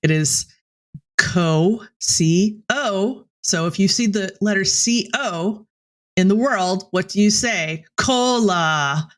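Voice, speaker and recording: A woman in her thirties co-hosting a casual podcast chat. Her voice sits at an average pitch, and she laughs easily and pokes fun at herself in an animated way. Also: takes it slowly. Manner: giggly, animated, self-mocking. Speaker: podcast co-host.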